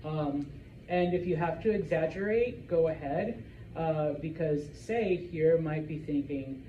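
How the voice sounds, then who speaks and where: Dark-voiced man teaching a class. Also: on the high side, muffled recording, a little hiss or hum. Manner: repeats words slowly to model pronunciation. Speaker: Spanish teacher. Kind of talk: classroom lesson. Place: classroom with students.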